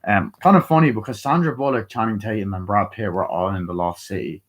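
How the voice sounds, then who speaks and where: Male film reviewer, low voice, sweary and excitable, jumps up to act out quotes. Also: a little fast. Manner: excited, profane, acts out quotes in raised voice. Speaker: movie reviewer. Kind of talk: casual film review retelling scenes.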